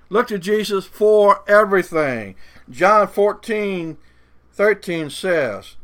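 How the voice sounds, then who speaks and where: A man preaching a sermon in a folksy way, slowing down with dramatic pauses to stress the verses he reads and mocking doubters in a put-on voice. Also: a little high, animated, fairly bright tone.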